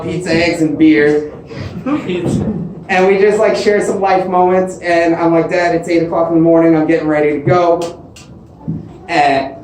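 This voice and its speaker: A man's voice: on the high side, a little mellow, far from the mic, a little hiss or hum. A man doing a stand-up comedy set, telling crude stories about his dad. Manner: storytelling, crude punchlines, quotes his dad. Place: comedy club stage. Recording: echoey club, mic heard from afar. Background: audience laughter.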